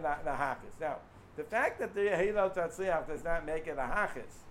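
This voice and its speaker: A man teaching a casual Torah lecture, animated and asking rhetorical questions, with frequent restarts. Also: a little high, slight background noise.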